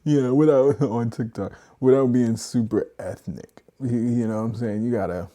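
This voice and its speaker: A man holds forth in a loose, animated rant on a live stream. His voice sits low and mellow, and he keeps breaking into mocking impressions when he quotes other people. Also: moderate pace. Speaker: streamer host. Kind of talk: casual wrestling commentary on a live stream.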